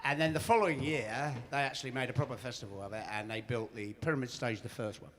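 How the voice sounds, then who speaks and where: A man's voice: mid-range voice, fast, fairly bright tone. A man in a band, dryly sharing festival trivia and tall tales with his bandmates. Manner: dry, shares trivia, tells tall tales. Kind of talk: casual banter.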